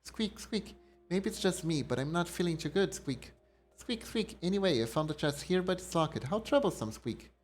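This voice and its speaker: A man doing a high squeaky mouse creature. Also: expressive, normal speed, soft background music. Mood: squeaky polite. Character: small squeaking mouse-like creature, polite and timid. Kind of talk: reading game dialogue aloud in character.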